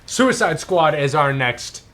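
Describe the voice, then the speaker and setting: A young man co-hosting a casual movie review chat, excitable, laughing often and swearing freely. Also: on the high side, takes it slowly. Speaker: podcast co-host.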